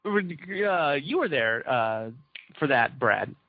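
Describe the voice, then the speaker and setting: A man's voice: a little high, sing-song, drawn-out words, no echo. A man telling a long anecdote to his co-hosts in a casual chat, acting out the quoted dialogue with animation. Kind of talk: casual storytelling among co-hosts. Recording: dull lo-fi dry recording.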